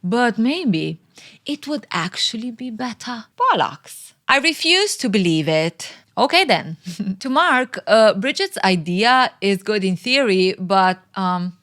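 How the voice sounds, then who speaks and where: A woman's voice: mid-range voice, very animated, slow, a bit bright. Woman vlogger, sarcastic recap commentary, teasing and chatty, frequent laughs.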